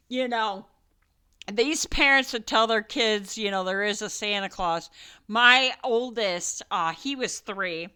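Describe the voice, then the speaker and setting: A woman's voice: on the high side, pushed and bright, clear, resonant tone. An older woman, a grandmother who hosts a gaming channel, chatting casually and rambling through a family story with fillers and laughs.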